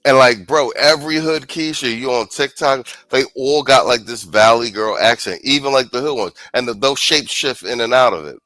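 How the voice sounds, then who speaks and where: A man's voice: medium pitch, moderate pace, few pauses, sharp tone, dry recording, poor audio. Male host, casual reaction commentary, blunt and slangy, mid-range voice, dry sound. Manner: blunt, slangy, reads chat comments aloud. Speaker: show host.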